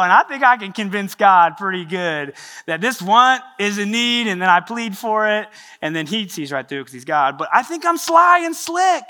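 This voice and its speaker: Animated, forceful male preacher. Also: a little high. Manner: animated, storytelling with acted-out quotes. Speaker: pastor. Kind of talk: sermon.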